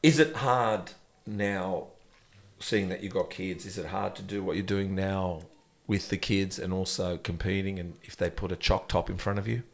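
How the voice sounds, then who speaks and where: Casting note: man, middle-aged, low voice, chatty and joking podcast host. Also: steady tone, moderate pace. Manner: chatty, joking, retells scenes with quoted voices. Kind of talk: casual podcast interview.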